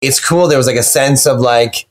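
A man, a podcast guest on a video call, telling rambling stories in an excitable way and acting out the quotes. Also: medium pitch, moderate pace. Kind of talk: animated storytelling in an interview.

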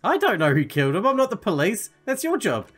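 A man's voice: high voice, very animated, quick pace, fairly bright tone, voice pushed up, full character voice. A man voicing a grumpy, penny-pinching male hostel manager in a game, talking in a sarcastic, exasperated way. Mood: irritated.

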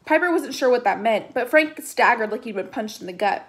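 A woman's voice: on the high side, a little fast. Woman reading a novel aloud. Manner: plain, steady narration with casual asides. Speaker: reader.

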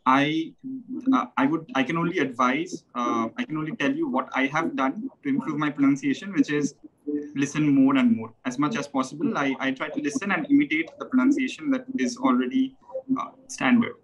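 A man's voice: mid-range voice, fairly even intonation, fairly quick, dull audio, a little hiss or hum. A man with an Indian English accent, a guest in a casual conversation, explaining things carefully step by step and often restarting his sentences.

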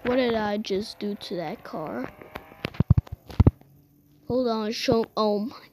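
A woman's voice: mid-range voice, slow pace, heavy background noise. A woman giving casual, rambling gameplay commentary, exclaiming often and restarting her sentences. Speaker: gamer.

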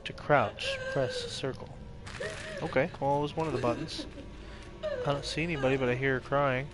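A man's voice: mid-range voice, wildly swooping pitch, normal speed. A young man streaming a horror game, swearing and reacting with jumpy, casual commentary. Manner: profane, jumpy reactions, talks to himself. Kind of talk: casual let's-play commentary.

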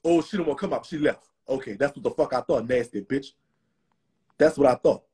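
A slightly tipsy man hosts a casual live stream, rambling in an animated, profane way. His voice is rough and hoarse with a Southern US accent, mid-range in pitch and fairly quick.

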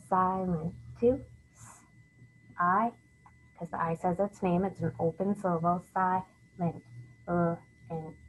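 A woman teacher walking young writers slowly through a literacy lesson, step by step, sometimes whispering the example sentences. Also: fairly low pitch, slight background noise, rough recording.

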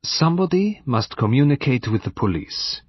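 A man voicing a stern, precise male detective who speaks with grave, measured authority. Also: medium pitch, big pitch swings, husky, no echo, highs cut off, voice pushed up. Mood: commanding.

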